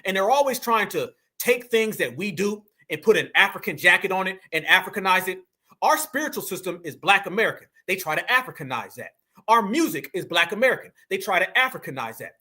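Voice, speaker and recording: Host, man, fiery preachy monologue, high lively voice. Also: fairly quick. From New York. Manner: emphatic, preachy, animated, addresses audience as fam. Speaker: political commentary host.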